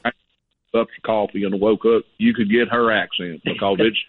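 A man's voice: fairly low pitch, fairly even intonation, normal speed, no echo, narrow, tinny audio. A man with a North Louisiana Southern accent, joining a radio show by phone and rambling in a chatty way. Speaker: radio guest. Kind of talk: casual radio chat. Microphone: phone line.

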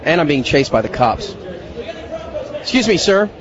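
A man's voice: fairly high pitch, sing-song, muffled recording, crowd noise. A man from Dallas, a radio host roaming a media center and teasing people in casual street interviews. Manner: joking, teasing, quick banter.

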